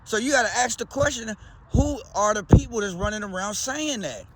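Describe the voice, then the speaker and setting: A man's voice: sits high, expressive, fairly quick, heavy background noise. A man with a Baltimore accent, talking in a loose, slangy, rambling way as a vlogger. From Baltimore, USA. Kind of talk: casual rambling chat.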